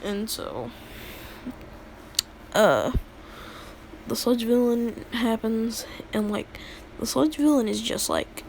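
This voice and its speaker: A woman's voice: a little high, animated, takes it slowly, creaky, long pauses, darkish tone, a little hiss or hum. A young woman casually retelling a made-up story in a rambling, filler-heavy way, laughing at her own jokes.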